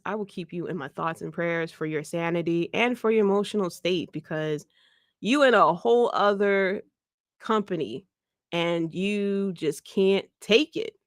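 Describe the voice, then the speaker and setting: Animated, laughing woman podcast host. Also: medium pitch, dry recording, studio quality. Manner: animated, joking, laughs often, swears freely. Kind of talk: casual wrestling recap chat.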